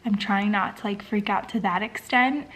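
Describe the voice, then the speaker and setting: A woman recording a casual vlog at home late in the evening, her voice at an ordinary middle pitch. She gushes with excitement and gratitude and tumbles from one thought to the next. Now and then she slips into a soft, breathy near-whisper. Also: moderate pace. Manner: gushing, excited and grateful. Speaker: vlogger. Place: at home at bedtime, indoors.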